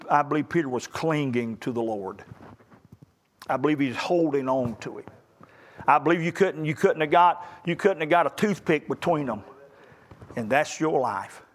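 Preacher man, emphatic sermon. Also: fairly high pitch. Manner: rising to loud emphatic peaks, southern colloquial phrasing. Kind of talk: sermon to graduating young people.

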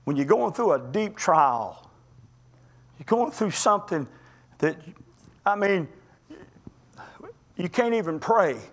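A male preacher delivering a sermon, telling stories in a folksy, impassioned way that swings between loud climbs and quiet drops. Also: sits high, lively intonation, slow pace, pauses often. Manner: impassioned, folksy storytelling with sudden rises and drops.

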